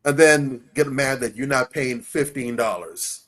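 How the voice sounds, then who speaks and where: A man's voice: mid-range voice, unhurried, a bit bright. A man hosting a casual podcast, giving blunt, preachy advice with rhetorical questions and emphatic repetition. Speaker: podcast host.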